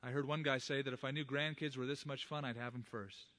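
A man's voice: mid-range voice, steady tone, brisk, sharp tone, a little hiss or hum. A middle-aged man, a pastor, preaching a sermon and earnestly addressing the fathers in the congregation.

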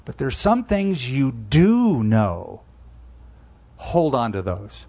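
A man in his sixties preaching a sermon in a conversational, emphatic way, slowing down on key phrases. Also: medium pitch, wildly swooping pitch, mellow. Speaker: pastor.

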